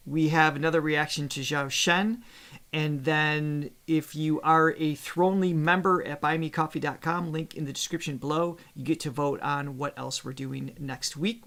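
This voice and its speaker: A man hosting as a vocal coach in a casual reaction chat over a video call, talkative and quick to laugh. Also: a little high, sharp tone. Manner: chatty, laughs often.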